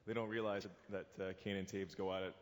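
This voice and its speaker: A man with a lowish voice talks quickly and easily on a panel, chuckling through a casual story. The sound bounces around a large convention hall, with light background noise. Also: level tone. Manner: easygoing, chuckling, quick talker. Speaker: hockey player on a fan panel. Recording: reverberant hall with ambient noise.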